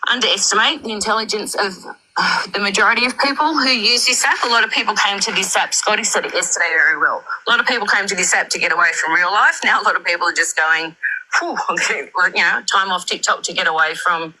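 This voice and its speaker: A woman commenting critically on a live stream, building her points slowly with repetition and fillers. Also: medium pitch, sharp tone, poor audio. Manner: measured, repeats points, many fillers.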